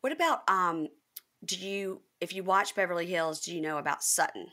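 A woman with a Mississippi Southern accent, hosting a casual chat and telling stories with quick asides. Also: fairly low pitch, bright, forceful tone. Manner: chatty storyteller, quick asides. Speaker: podcast host.

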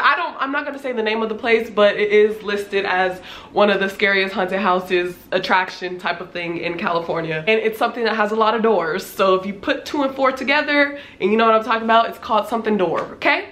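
A woman in her twenties with a congested voice, casually telling a storytime tale with animated delivery, laughing often and filling her talk with "like.". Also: on the high side, brisk. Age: 20s. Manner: animated, laughing, lots of "like" fillers. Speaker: vlogger. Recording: roomy echo, faint background noise.

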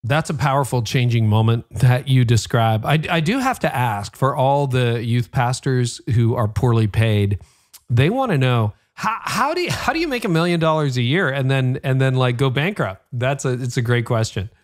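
A man's voice: medium pitch, animated, normal speed. A man hosting a podcast, reacting with brief affirmations and asking curious follow-up questions. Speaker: podcast host. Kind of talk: interview conversation.

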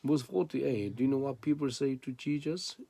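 A man's voice: mid-range voice, moderate pace, gravelly, dark tone, slightly rough, dry recording. A man preaching a sermon in non-native English, reading scripture and then explaining it with rhetorical questions.

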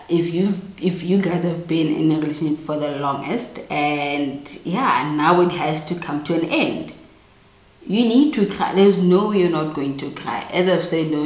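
Low-voiced woman, blunt advice. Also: reverberant, low-quality recording. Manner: blunt, emphatic, chatty, addresses viewer directly. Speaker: vlogger giving relationship advice. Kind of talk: casual advice monologue to camera.

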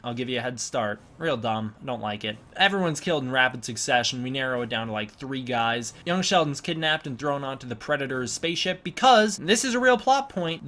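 A man talks through a film review in a casual, opinionated way. He is blunt and sarcastic, and his voice sits a little high for a man. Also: a bit bright. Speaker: movie reviewer.

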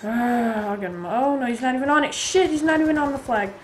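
A woman giving live gameplay commentary, excitable and swearing often, with sudden yelps when in danger. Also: high voice, brisk, background noise. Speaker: gaming channel host. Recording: loud game gunfire over voice. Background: game gunfire and explosions.

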